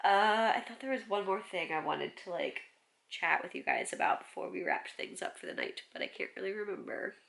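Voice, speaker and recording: A woman's voice: medium pitch, huge pitch swings, a little fast, vocal fry, a bit bright. A young woman with a stuffy, nasal voice, chatting casually to her vlog viewers with lots of fillers. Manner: chatty, lots of likes and ums. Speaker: vlogger.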